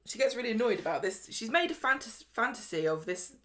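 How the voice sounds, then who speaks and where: A woman's voice: fairly high pitch, big pitch swings, quick pace, a bit bright. A woman hosting a podcast, recapping a soap in chatty, joking talk. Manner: chatty, jokey, acts out characters' lines. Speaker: podcast host. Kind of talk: casual soap recap chat.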